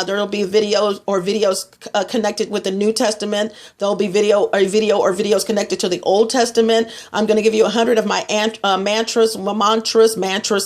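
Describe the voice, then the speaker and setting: Rambling Texan woman vlogger. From Texas. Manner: rambling, restarts a lot, mocks others in a higher voice. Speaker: vlogger selling skin products. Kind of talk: casual talk to camera.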